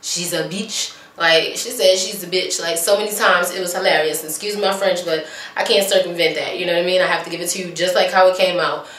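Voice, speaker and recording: A woman casually recapping a TV episode, sassy and animated, putting on mocking voices for the people she quotes. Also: on the low side, quick pace, far from the mic, slight background noise. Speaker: vlogger recapping a TV show. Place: small bathroom at home. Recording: echoey bathroom, voice off-mic.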